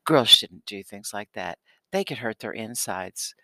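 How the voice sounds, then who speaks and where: A man's voice: fairly low pitch, animated, unhurried, bright, forceful tone, no room sound, full character voice. A man reading a whiny, possessive schoolgirl. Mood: sulky. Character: clingy, jealous, sulky schoolgirl. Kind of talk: audiobook character reading.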